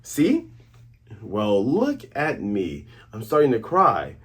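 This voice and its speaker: A man's voice: mid-range voice, huge pitch swings, slow, fairly bright tone, slightly rough, pitched below the performer's own voice, exaggerated voice. A man voicing a cowardly young male sharpshooter from a pirate cartoon, in a shaky, pleading put-on voice. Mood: scared.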